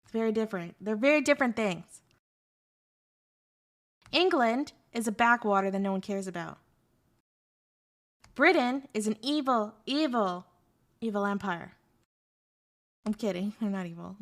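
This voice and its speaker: A woman's voice: medium pitch, normal speed, creaky, long pauses. A young woman streamer chatting casually with her audience, sarcastic and joking as she answers chat.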